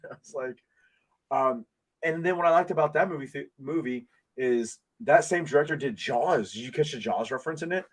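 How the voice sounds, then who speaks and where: A man hosting a casual podcast, talking in an excitable, rambling way full of restarts, into a desk mic. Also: mid-range voice, normal speed, husky. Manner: excitable, rambling fan talk with many restarts. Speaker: podcast host. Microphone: desk microphone.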